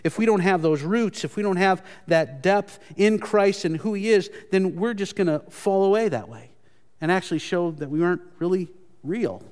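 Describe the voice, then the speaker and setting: A man's voice: sits high, normal speed, a little mellow, smooth. A man preaching a sermon as pastor, earnest and emphatic, often restarting his phrases. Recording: long hall reverb.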